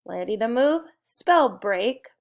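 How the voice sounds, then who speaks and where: A woman's voice: on the high side, expressive, slow pace, gravelly. A young adult woman, leading a recorded spelling and phonics lesson for young children with cheerful, encouraging call-and-response prompts. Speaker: teacher.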